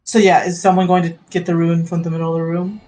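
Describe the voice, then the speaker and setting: A mid-pitched game master running a tabletop game. The speech is hesitant and halting, with many fillers and restarts. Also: flat delivery, darkish tone, faint music behind. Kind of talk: casual tabletop game chat.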